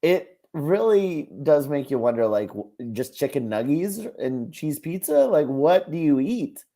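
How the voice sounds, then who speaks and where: A man's voice: a little high, very animated, measured pace, warm tone. A man co-hosting a casual reaction podcast, talking animatedly, laughing often and acting out quotes in exaggerated voices. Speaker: podcast co-host.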